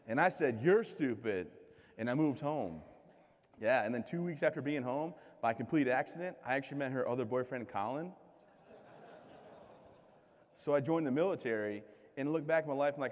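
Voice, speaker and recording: A man in his thirties, from the United States, gives a comedic keynote talk, ribbing himself as he tells his stories. His voice sits at an ordinary middle pitch for a man. The sound carries a long reverb, as if picked up in a large event hall. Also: expressive, normal speed, long pauses. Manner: joking, self-deprecating storyteller. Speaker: keynote speaker.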